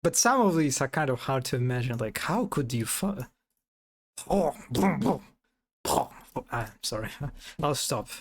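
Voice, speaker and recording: A man's voice: mid-range voice, big pitch swings, moderate pace. A man streaming live in casual commentary, amused, often restarting his sentences and imitating animal sounds.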